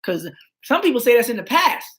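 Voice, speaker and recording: A woman hosting her channel, reading documents aloud with animated asides. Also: fairly high pitch. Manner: animated, slows down for quotes, playful asides. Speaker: channel host.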